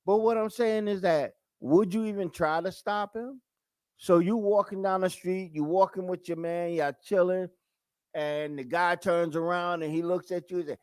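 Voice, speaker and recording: A man speaking hosts a live talk show, chatting casually with his viewers. His voice sits a little high and he acts out quick bits of dialogue. The sound is dry and close. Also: steady tone, darkish tone, smooth, no echo. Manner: conversational, acts out quick quoted voices, repeats himself. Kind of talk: casual live-stream commentary.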